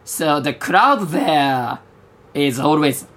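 A man, a stand-up comedian guest, talking in a measured, halting way with many restarts. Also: on the high side, lively intonation, fairly bright tone. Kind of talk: casual interview chat.

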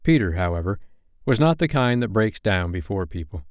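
Lively low-voiced male storyteller. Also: normal speed, dry recording, clean studio sound. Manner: expressive, animated reading. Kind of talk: bedtime story reading.

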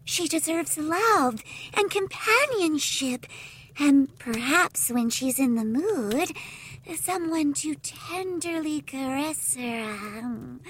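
A woman's voice: sits high, animated, slow, fairly bright tone, slight background noise, heavily acted. A woman voicing a sugary, scheming witch in an audio drama, gushing and sing-song. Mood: sly.

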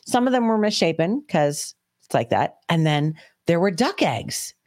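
A woman co-hosting a podcast, telling a story in casual chat, animated and swearing freely. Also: lowish voice, moderate pace. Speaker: podcast co-host.

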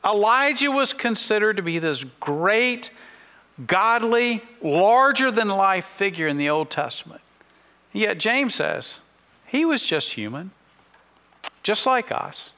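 A man's voice: high voice, big pitch swings, slow, bright, forceful tone, long reverb tail. A man preaching a sermon as a pastor, earnest and full of rhetorical questions. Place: church sanctuary.

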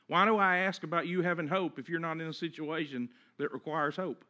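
A man preaching a sermon, dropping to a hush and then building to emphatic, rhythmic repeated phrases. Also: fairly high pitch, fairly even intonation, normal speed. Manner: swings between hushed and emphatic preaching; repetitive, rhythmic lists of phrases. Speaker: pastor.

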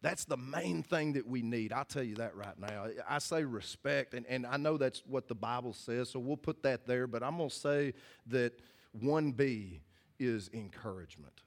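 A man of medium pitch and moderate pace preaches a sermon to a congregation in a church hall. His style is earnest and folksy, and he often restarts and repeats his phrases.

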